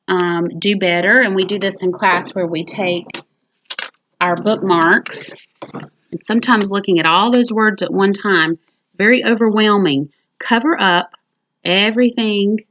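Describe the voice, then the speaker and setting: A woman teacher speaking to parents in a calm, patient, reassuring way, showing how to help children read. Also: on the low side. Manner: acts out reading aloud with rising expression. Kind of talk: instructional talk to parents.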